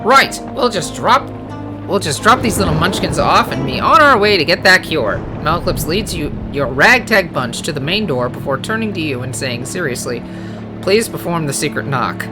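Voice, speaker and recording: Let's-play narrator: animated delivery, reads card text, chats and self-corrects over game music. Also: mid-range voice, normal speed. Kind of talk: reading game text aloud with casual asides.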